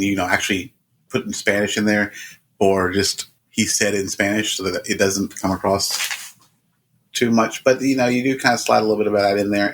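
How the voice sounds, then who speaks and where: A man with a fairly low voice co-hosts a podcast. he talks in a halting way and keeps restarting his sentences as he thinks aloud. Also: fairly bright tone. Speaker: podcast co-host. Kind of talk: casual chat.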